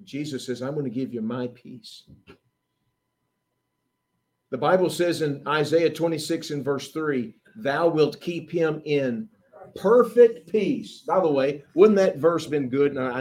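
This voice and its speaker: A man preaching a sermon, emphatic, swinging between loud declarations and hushed asides, and acting out quoted prayers and questions. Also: on the high side.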